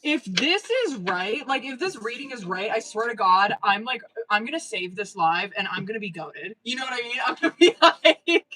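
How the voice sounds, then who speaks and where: Profane, excitable woman reading tarot live. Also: fairly high pitch, moderate pace, hardly any pauses, low-quality recording. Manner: profane, excitable, laughs often; slangy, chatty, addresses viewers as girl and boo. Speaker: tarot reader. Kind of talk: casual live-stream reading.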